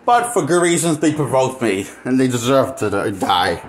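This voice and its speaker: A man talking alone to camera in an unscripted monologue, halting and bitter, trailing off into pauses and then bursting out. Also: medium pitch, sing-song, a little hiss or hum. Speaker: vlogger.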